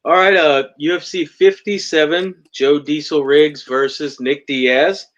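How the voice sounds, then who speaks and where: A man's voice: fairly high pitch, fairly even intonation, unhurried, fairly bright tone, dull audio. A man hosting a podcast interview, asking questions in a friendly, easygoing way and laughing often. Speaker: podcast host.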